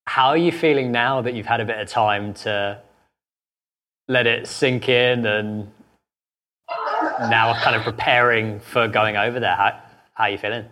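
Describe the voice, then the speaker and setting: A man interviewing a guest, asking questions in a relaxed, casual way. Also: mid-range voice, a little slow, pauses often.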